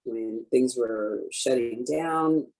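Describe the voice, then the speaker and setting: A woman interviewer asking slow, sympathetic questions. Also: a bass voice, dark tone, poor audio.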